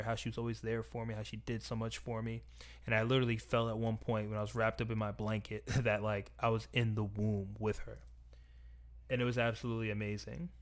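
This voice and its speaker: Man, low flat voice, smooth and clear, reflective personal storytelling. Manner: reflective, soft-spoken, slow and earnest.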